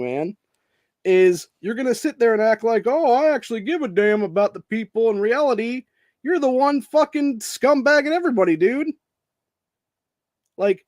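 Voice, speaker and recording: A man's voice: sits high, darkish tone, no room sound, studio quality. A man hosting his own channel, delivering a heated, profanity-laced political rant and calling everyone dude. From Ohio. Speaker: host.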